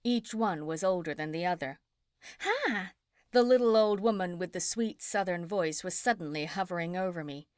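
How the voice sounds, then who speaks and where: A woman narrating an audiobook in the first person, in an even storytelling manner. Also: on the low side, a little fast, hardly any pauses, dry recording, clean studio sound.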